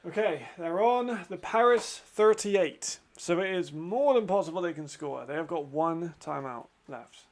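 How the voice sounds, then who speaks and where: A man with a high voice calls an American football game as he watches it. He is excitable, quick to laugh and swears freely, moving between play calls and loose chat. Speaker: football watch-along host. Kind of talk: excited live commentary and chat.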